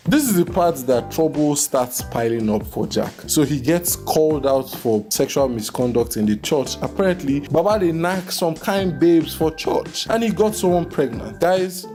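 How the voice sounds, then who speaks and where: A man's voice: on the high side, lively intonation, moderate pace, few pauses, mellow. Brief: playful young man with a Nigerian accent, comic movie recap host, light music behind. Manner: joking, teasing, playful asides with laughs.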